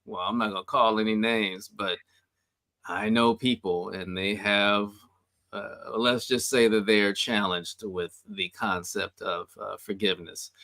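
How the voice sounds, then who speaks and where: Deep-voiced upbeat male show host. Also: steady tone, unhurried, bright, forceful tone, dry recording. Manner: upbeat, conversational, with fillers. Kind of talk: casual online show hosting.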